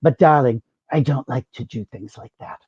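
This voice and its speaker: A woman's voice: very deep voice, a little mellow, slightly rough, dry recording, pitched below the performer's own voice, exaggerated voice. A man putting on a gracious female star. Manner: polite, measured, calls people darling. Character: gracious poised female star, gently polite. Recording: dull muffled sound.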